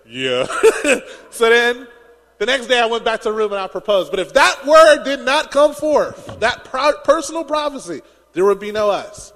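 Animated high-voiced male preacher. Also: in a large hall. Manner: animated storytelling, laughing often. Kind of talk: sermon.

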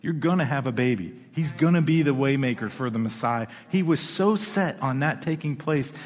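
A man's voice: mid-range voice, animated, moderate pace. Emphatic preaching man in a reverberant hall. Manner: emphatic and conversational, swinging from loud to hushed. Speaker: pastor. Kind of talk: sermon.

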